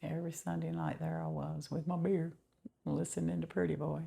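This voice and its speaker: A middle-aged woman giving a slow, heartfelt personal faith testimony, often dropping to a whisper. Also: low-pitched, flat delivery, warm tone. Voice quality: gravelly and very husky. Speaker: testimony vlogger.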